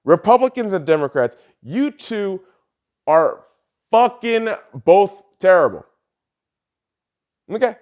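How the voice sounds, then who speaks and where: A man hosting a podcast, ranting heatedly and swearing often, his voice lurching between loud outbursts and low mutters. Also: big pitch swings, slow pace, pauses often, smooth. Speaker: podcast host. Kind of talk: ranting political commentary.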